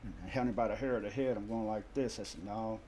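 A man tells a lively story as a podcast guest, acting out each bit of dialogue. A faint hum sits under his voice. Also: on the low side, fast. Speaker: guest, tribute performer of a famous singer. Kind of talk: casual chat.

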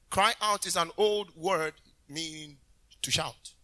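A man minister preaching a sermon in an animated way, bursting into shouts and talking directly to the congregation. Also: sits high, normal speed.

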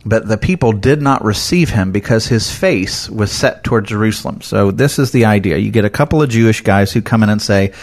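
An earnest male preacher with a somewhat low voice delivers a conversational sermon. He speaks with animated emphasis and keeps dropping in casual fillers as he works through scripture. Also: brisk, hardly any pauses.

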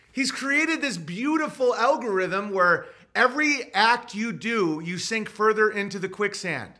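A man's voice: high-pitched, lively intonation, unhurried, few pauses, pushed and bright. A man hosting a podcast, ranting casually in a profane, provocative, rambling way. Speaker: podcast host. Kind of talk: casual comic rant.

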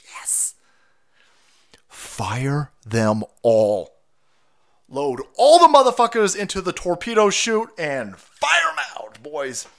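Man ranting crudely with a lively, swinging pitch. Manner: angry, crude, mocking, rapid-fire. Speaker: livestream host. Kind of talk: profane political rant.

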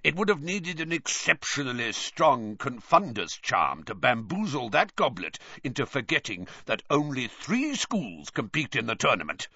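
A man voicing a gruff, suspicious old wizard who growls his lines low and menacingly. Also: bright, forceful tone, dry recording. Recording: dull, slightly lo-fi.

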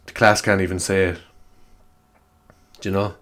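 Man doing a schoolteacher, Irish accent, frazzled, rambling questions, lowish voice. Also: little pitch movement, moderate pace, fairly bright tone. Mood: exasperated. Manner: rambling, stumbling rhetorical questions. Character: frazzled male schoolteacher in existential crisis. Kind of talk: comic sketch.

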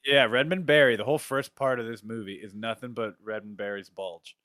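A man's voice: fairly low pitch, fairly even intonation, a little fast, fairly bright tone, no echo, studio quality. A man co-hosting a casual film podcast, dropping short crude quips. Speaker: podcast co-host.

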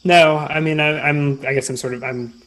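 A man's voice: on the high side, fairly even intonation, normal speed, a bit bright. A man playing a tabletop game, talking hesitantly with lots of fillers and restarts. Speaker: player. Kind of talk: casual tabletop game play.

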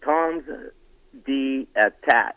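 A man talking casually as a horse racing analyst guest, halting with lots of fillers and some teasing. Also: medium pitch. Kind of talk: casual phone-in chat. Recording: tinny dry phone line.

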